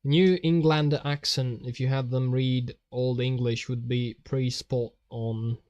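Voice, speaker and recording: A man's voice: medium pitch, level tone, measured pace, darkish tone, no echo, dull audio. A man streaming while he draws, rambling in a jokey way and often laughing.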